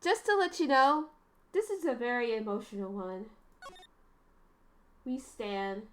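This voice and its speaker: A woman streamer reading a game aloud and making excitable, chatty asides. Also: on the high side, measured pace, slight background noise. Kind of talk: casual game play-through commentary. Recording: game music behind.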